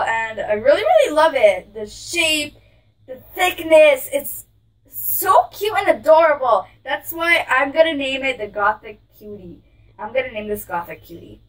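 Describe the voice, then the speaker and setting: A woman's voice: sits high, fairly bright tone, recorded from a distance, low-quality recording. Bubbly woman gushing over her shopping haul. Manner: gushing, bubbly, repeats how cute things are. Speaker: vlog host showing a clothing haul. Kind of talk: casual haul vlog. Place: her room with a closet behind.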